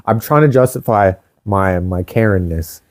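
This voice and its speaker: A young man co-hosting a casual chat show, telling a story in an animated way, swearing freely and acting out what people said. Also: lowish voice, normal speed. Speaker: co-host.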